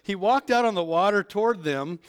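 A man's voice: high voice, expressive, moderate pace, smooth. A man preaching a sermon, retelling a Bible story in a casual way, acting out the characters' lines and chuckling as he goes. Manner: retells scripture conversationally, acts out voices, chuckles.

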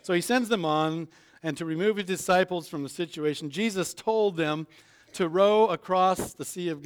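Fairly high in pitch, his voice comes across clear and resonant as he delivers a sermon. The man recounts a Bible story in an easygoing way, voicing each character and chuckling throughout.

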